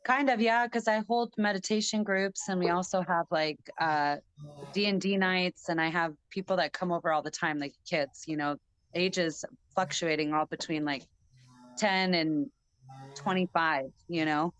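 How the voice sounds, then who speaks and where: Low-voiced woman, smooth and dry. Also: normal speed, no room sound. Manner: relaxed, chatty, loose with fillers. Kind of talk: casual video call chat. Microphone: video call.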